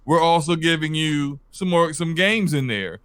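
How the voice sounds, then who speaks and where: A man's voice: on the high side, moderate pace, a bit bright, clear, resonant tone, no room sound. A man hosting a gaming podcast, making his case point by point with many restarts. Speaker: podcast host. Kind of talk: casual podcast discussion.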